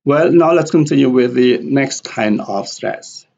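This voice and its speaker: A male teacher talks through word stress at a very slow, deliberate pace, saying each example word more than once. His voice is gravelly and husky. The recording is dull and lo-fi. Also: medium pitch, a little mellow. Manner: repeats example words carefully. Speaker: English pronunciation teacher. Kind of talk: slow explanatory lesson with spoken examples.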